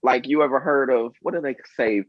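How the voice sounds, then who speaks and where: A man co-hosting a podcast in casual chat, an animated storyteller who acts out quotes and swears a lot. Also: medium pitch, brisk, no echo, lo-fi sound. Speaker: podcast co-host.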